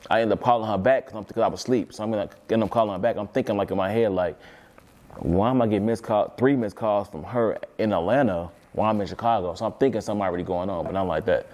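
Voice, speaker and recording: A man's voice: fairly low pitch, fast, a little mellow. A man talking as an interview guest, telling a long story in a rambling, repetitive way and swearing freely.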